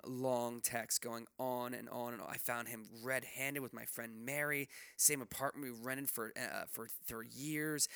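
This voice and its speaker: Medium in pitch, his voice is sharp and smooth, captured as a dry, clean studio recording. The man co-hosts a laid-back podcast, meandering through fillers and false starts and swearing freely.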